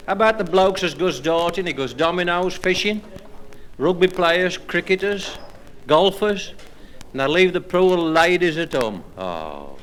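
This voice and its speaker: Black Country comic, slightly high voice, dry dialect patter and rhymed verses, faint room ambience behind. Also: male voice, a bit bright, a little hiss or hum. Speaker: stand-up comedian and monologue performer. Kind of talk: live stand-up jokes and rhyming monologues. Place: live club or pub stage with audience.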